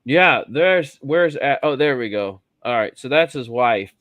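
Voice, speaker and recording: Male host, crude joker, lively pitch, dry close-miked sound. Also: unhurried, no room sound. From Michigan. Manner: joking, crude, animated. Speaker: live stream host. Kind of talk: casual chat.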